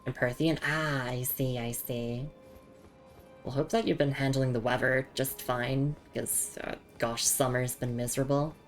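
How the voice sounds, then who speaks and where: A young Australian woman streams a game in a loose, chatty way, tripping over and repeating her words. Her Australian voice sits very low. Faint game music plays behind her. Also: steady tone, unhurried. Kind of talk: casual live game commentary.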